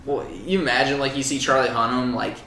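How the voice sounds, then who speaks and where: Male podcast co-host, gravelly, halting delivery, distant echoey mic. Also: medium pitch, sharp tone, a little hiss or hum. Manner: hesitant, lots of uhs. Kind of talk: casual podcast chat.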